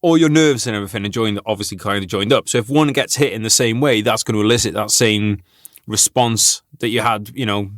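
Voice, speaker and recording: A man's voice: lowish voice, fairly quick, fairly bright tone, no echo, clean studio sound. A man hosting a podcast in a casual, joking way, swearing and laughing along. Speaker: podcast host.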